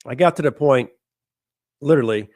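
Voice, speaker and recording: A man's voice: medium pitch, a little fast, a little mellow, no echo, clean studio sound. A man hosting an interview podcast who asks direct, probing questions. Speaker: podcast host.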